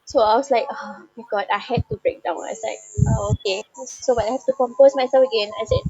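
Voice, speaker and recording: A woman tells an emotional personal story, halting and heartfelt, with many repeated fillers. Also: fairly high pitch, fairly even intonation, dark tone, breathy edge, dry recording. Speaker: bereaved daughter sharing a personal story. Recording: slightly dull, dry recording.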